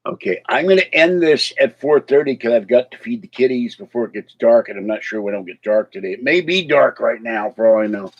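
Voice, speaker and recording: A man's voice: mid-range voice, expressive, a little fast, few pauses, muffled recording. A man hosting a casual livestream, rambling with chuckling asides to chat, with a slight slur in his speech. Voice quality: slight slur from missing teeth. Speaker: livestream host.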